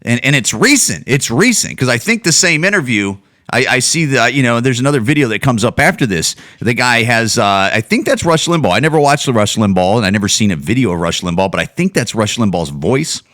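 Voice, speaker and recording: A man's voice: medium pitch, expressive, brisk, few pauses, fairly bright tone, dry recording. Dude ranting on his podcast, swears a ton, voice jumps all over, dry sound. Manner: profane, rambling, many restarts. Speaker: podcast host. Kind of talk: casual rant.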